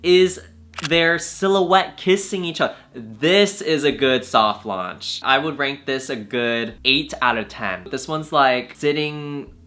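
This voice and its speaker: A man vlogging in a casual, candid way, chatting to camera about his relationship and sometimes jumping into a high playful voice for quoted lines. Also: takes it slowly, bright, forceful tone.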